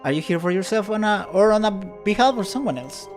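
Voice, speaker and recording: A trilling receptionist woman in a dark fantasy game, high and sing-song, with a lilting, animated pitch that rises and falls, as a man puts her on. Her politeness is practiced and bureaucratic, every line sounding rehearsed a hundred times, over faint game music. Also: quick pace. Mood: chirpy. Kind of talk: reading game dialogue aloud.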